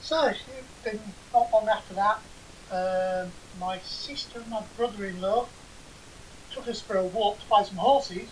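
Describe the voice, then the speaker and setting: A woman's voice: mid-range voice, a little slow. An English woman, probably in her forties, co-hosting a podcast and telling stories in a dry, sarcastic way. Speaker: podcast co-host. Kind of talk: casual banter. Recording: distant mic with faint hiss.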